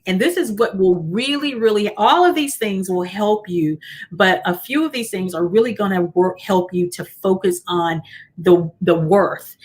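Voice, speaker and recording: A woman hosting a motivational livestream as a coach, speaking encouragingly and repeating key lines slowly. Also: medium pitch. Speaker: host and coach.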